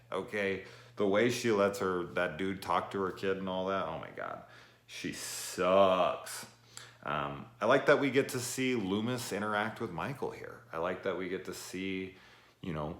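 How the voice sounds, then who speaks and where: A man giving a casual, rambling movie review, cursing often and trailing off into fillers. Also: low voice. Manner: rambling, profane, animated, full of fillers. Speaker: film reviewer. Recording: echoey room.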